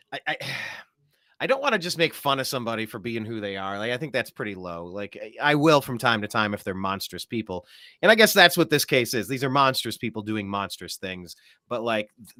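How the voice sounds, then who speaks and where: A man hosting a political talk show, talking in an animated, sarcastic, rambling way with many restarts. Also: mid-range voice, no echo, clean studio sound. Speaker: show host.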